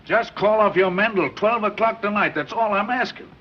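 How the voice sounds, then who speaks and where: An actor playing a smooth-talking gangster who bargains in slang in an old film. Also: male voice, sits high. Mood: bargaining. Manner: fast-talking, persuasive slang. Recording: dull muffled 1930s film soundtrack.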